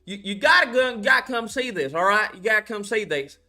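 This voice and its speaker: A man putting on a loud frantic country mom. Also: high-pitched, lively intonation, a little fast, soft background music, voice pushed up, exaggerated voice. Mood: urgent. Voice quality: exaggerated redneck drawl. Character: loud frantic rural mother.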